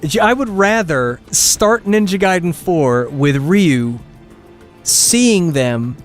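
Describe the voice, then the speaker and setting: A young man streaming a game, chatting excitedly, laughing often and reading viewer comments aloud. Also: high voice, slow pace, faint music behind. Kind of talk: casual live gameplay commentary.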